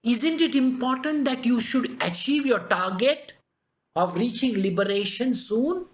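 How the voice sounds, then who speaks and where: A man with a notably high voice delivers a spiritual discourse, pressing his listeners with rhetorical questions. He moves between storytelling and emphatic exhortation in the manner of a teacher. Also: lively intonation, a little slow.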